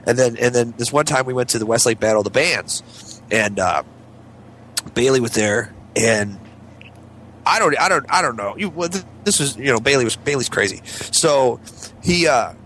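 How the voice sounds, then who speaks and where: Male co-host spinning crude anecdotes, lively up-and-down delivery. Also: mid-range voice, normal speed, a little hiss or hum. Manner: animated, profane, acts out voices in his stories. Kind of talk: casual storytelling chat.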